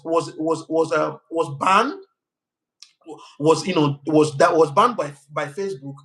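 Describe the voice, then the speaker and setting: A man's voice: sits high, fairly bright tone, rough recording. A young Nigerian man with a Nigerian accent hosting a live stream, talking passionately with many restarts and heated outbursts at commenters.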